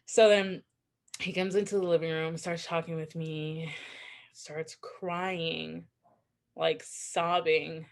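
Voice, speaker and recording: A woman with a somewhat low voice co-hosts a podcast and tells a personal story. She talks in a loose, chatty way, sprinkling in "like" and poking fun at herself. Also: level tone, slow, creaky. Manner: chatty, frequent "like" fillers, candid and self-mocking. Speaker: podcast co-host. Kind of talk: casual storytelling chat.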